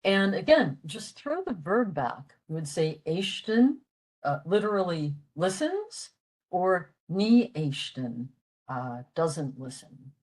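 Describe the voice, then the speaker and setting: Older woman presenting a library lecture; slow, deep, halting delivery full of "uh"s. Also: sing-song, a little mellow, rough recording. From western Pennsylvania, USA. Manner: halting, with frequent "uh" fillers. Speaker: presenter of a library language talk. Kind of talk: explaining a lecture.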